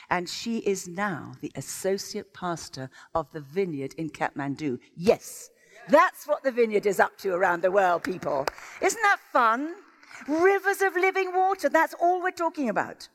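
A woman delivers a sermon with real enthusiasm, her pitch rising and falling in lively swoops. Her exclamatory storytelling carries through a church with a long, ringing reverb. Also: normal speed. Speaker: visiting preacher. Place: church sanctuary.

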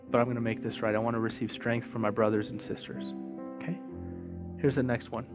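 A male pastor speaks in a middle-pitched, conversational voice and asks the room direct questions as he preaches. Instrumental music plays clearly behind him. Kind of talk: sermon with storytelling and altar call. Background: music playing.

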